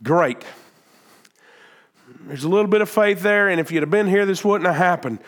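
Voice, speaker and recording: Male pastor, high-pitched voice, emphatic sermon delivery with lots of repetition. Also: moderate pace, fairly bright tone. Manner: earnest, emphatic preaching with repeated phrases and restarts.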